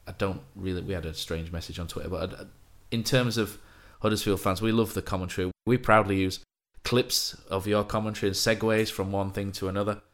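Deep-voiced male podcast host. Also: brisk, few pauses. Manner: reads commentary in a deadpan voice. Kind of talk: casual interview chat.

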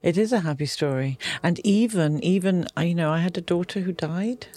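A woman's voice: fairly low pitch, fairly quick, warm tone, no echo. A woman in her fifties, chatting as an interview guest, talking openly and emotionally with many restarts and trailing phrases. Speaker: guest, yoga instructor. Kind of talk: casual conversational chat.

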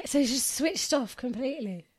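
Podcast co-host lady chiming in, bit husky, dry mic, casual. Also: sits high, animated, normal speed, darkish tone, no echo. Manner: short reactive comments. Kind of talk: casual chat.

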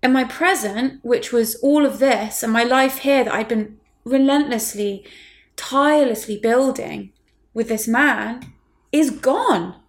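A woman in her thirties, talking candidly and bluntly in a casual chat, swearing freely and rising in pitch as she heats up. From England.

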